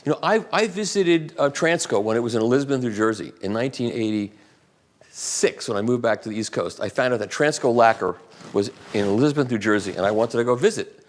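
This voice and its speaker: A man's voice: mid-range voice, expressive, fairly quick. A man in his sixties giving a casual, rambling talk full of anecdotes and answering audience questions at a radio museum event. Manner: rambling, anecdotal, self-deprecating. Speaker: invited speaker.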